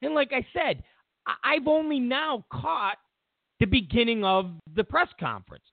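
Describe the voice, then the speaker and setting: His pitch is extremely high and expressive, with vocal fry and a measured pace. The man hosts his own show, giving a casual political rant that mocks the news sarcastically. No room sound; the line is dry and tinny like a phone.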